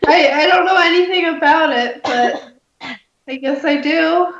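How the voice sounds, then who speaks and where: A teenage girl co-hosting a casual chat, deadpan and teasing. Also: extremely high pitch, unhurried, roomy sound, highs cut off. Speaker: podcast co-host.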